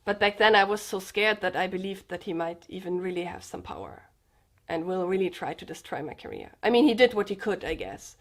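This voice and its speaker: A woman's voice: fairly low pitch, animated, fairly quick. A young woman from Germany with a German accent, speaking in an earnest, hesitant way, with fillers and restarts, in a personal confessional vlog. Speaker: vlogger.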